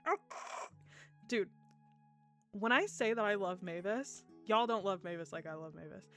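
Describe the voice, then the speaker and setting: A woman streaming a game live, talking to her chat in an excitable, gushing way, laughing often and swearing casually. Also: medium pitch, normal speed, faint music behind.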